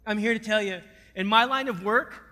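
Male preacher, sermon testimony, high bright voice, hushed to fervent, recorded in a reverberant hall. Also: normal speed.

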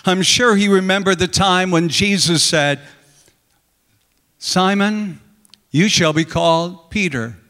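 A man's voice: high voice, slow pace, pauses often, bright, forceful tone, in a large hall. A man preaching a sermon, retelling scripture with dramatic storytelling and acting out the quoted lines. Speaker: pastor.

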